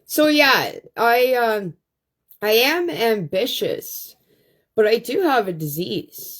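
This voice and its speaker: A woman's voice: on the high side, animated, takes it slowly. A woman on a phone livestream, ranting bluntly to her viewers and swearing constantly. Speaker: livestream host. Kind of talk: profane ranting livestream monologue.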